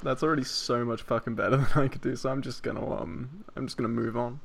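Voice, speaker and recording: Man, podcast host, gravelly voice, tipsy from wine, crude giggly rambling. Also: mid-range voice, steady tone, fast. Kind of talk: late-night casual podcast chat.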